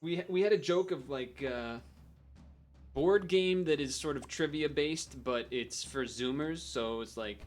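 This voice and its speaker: A man's voice: on the high side, unhurried, faint music behind. A young man streaming a game, chatting casually and thinking aloud as he rambles and cuts himself off.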